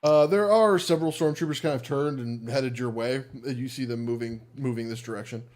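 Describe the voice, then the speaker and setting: A man's voice: mid-range voice, brisk, a little mellow. A man acting as game master, narrating a tabletop role-playing game in an easygoing way, thinking aloud with fillers.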